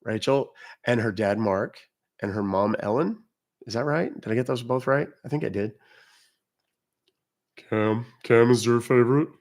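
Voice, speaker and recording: A man's voice: mid-range voice, unhurried, pauses often, darkish tone. A chatty American man talks casually on a livestream, answering his viewers' comments one after another. He speaks bluntly and plainly, with a mid-range voice. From United States. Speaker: livestream host.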